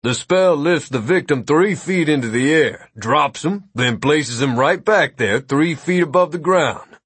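A man's voice: fairly high pitch, lively intonation, a little slow, fairly bright tone, breathy edge, dry recording, voice pushed up, full character voice. A man voicing a smug, mischievous male wizard who lectures and teases. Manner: lecturing, teasing.

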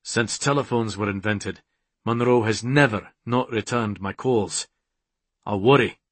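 A man voicing a brooding immortal Highland warrior, speaking low, hushed and tender. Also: fairly even intonation, unhurried, no room sound. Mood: earnest.

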